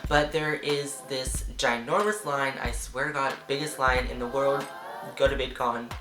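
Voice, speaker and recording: A young man telling a rambling, excitable storytime vlog, full of "like" and acted-out reactions. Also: mid-range voice, a little slow. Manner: chatty, rambling, fillers of "like" throughout; excitable, acts out reactions in quoted voices. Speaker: vlogger. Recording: roomy echo with background music.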